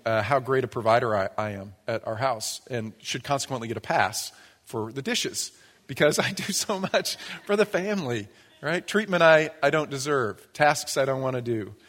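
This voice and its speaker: A man preaching a sermon in a casual, humorous way, sometimes muttering low in a mock grumble. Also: a bit bright. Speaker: pastor. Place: church. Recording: long reverb of a church hall.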